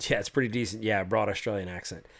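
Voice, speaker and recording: A man with a fairly low voice chats casually on a livestream as a game master. He reads out viewer comments and answers each one in a loose, rambling way, full of restarts and little fillers. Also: steady tone, fairly quick, gravelly, fairly bright tone. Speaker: game master and stream host.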